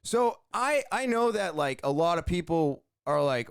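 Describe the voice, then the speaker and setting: Brief: young man, solo podcast host, smooth clear voice, slightly high, rambling and joking. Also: very animated, a little slow, dry recording, studio quality. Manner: rambling, joking, many fillers and asides. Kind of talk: casual solo podcast storytelling.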